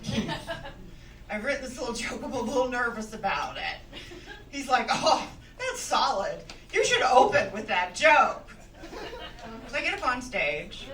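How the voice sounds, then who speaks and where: A middle-aged woman performs stand-up at a comedy club, speaking in a slightly bright, mid-range voice. She's wry and chatty, often laughing as she goes. The sound is roomy and distant, as in a club, and the audience can be heard laughing.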